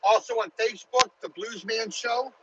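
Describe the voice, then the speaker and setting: Driving his truck down the highway, this man rambles chattily to his viewers in an extremely high, steady voice at normal speed. The sound is lo-fi with background noise.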